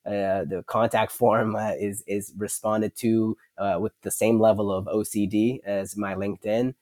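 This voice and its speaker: A man with a fairly low voice talks as a podcast guest over a dry, close recording. He gets animated and rambles, often breaking off and restarting his sentences. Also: a little slow, dry recording. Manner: animated, rambling, self-interrupting. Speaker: podcast guest, company founder. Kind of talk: casual interview chat.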